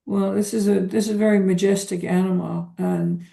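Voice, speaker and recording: A woman guest, a psychotherapist, talking in a reflective, hesitant way with frequent pauses and ums during a spiritual interview. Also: mid-range voice, flat delivery, gravelly, warm tone.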